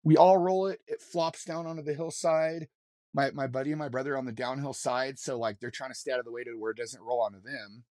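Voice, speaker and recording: A man's voice: mid-range voice, steady tone, a little fast, darkish tone, dry recording, clean studio sound. A man, a mountain guide on a podcast, telling a story in a loose, rambling way, full of swearing and restarts. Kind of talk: casual storytelling in an interview.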